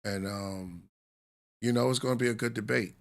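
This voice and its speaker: Man, New York accent, low gravelly voice, loose and reflective podcast host. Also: moderate pace. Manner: loose, reflective, philosophizing with many fillers. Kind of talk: casual live podcast talk.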